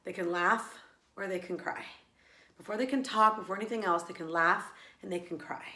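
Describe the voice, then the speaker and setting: A woman's voice: lowish voice, brisk, pushed and bright, reverberant. A woman who teaches laughter yoga, talking earnestly and reflectively in a personal vlog, with many fillers and restarts.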